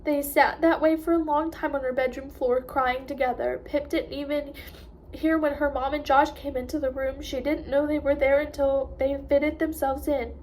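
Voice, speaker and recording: A woman reading a chapter of a novel aloud in a high voice, expressive and emotional. Faint hiss sits behind her. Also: normal speed. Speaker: audiobook reader.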